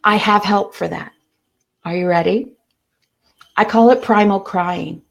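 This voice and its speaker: A woman's voice: medium pitch, vocal fry. Earnest woman hosting a self-help talk. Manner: earnest, repeats slow affirmations. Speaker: self-help show host.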